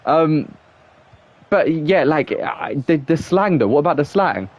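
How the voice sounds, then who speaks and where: Playing a football game live on stream, a young Englishman chats loosely and reacts to the action in a fairly high, animated voice. He speaks a little slowly, and the sound is dull and muffled.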